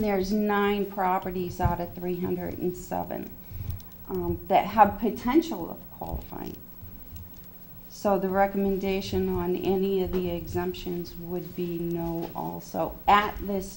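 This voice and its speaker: Hoarse woman explaining at a meeting. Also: lowish voice, darkish tone, a little hiss or hum, rough recording. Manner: plain, step-by-step explaining. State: hoarse, losing her voice. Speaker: town assessor. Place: town hall meeting room.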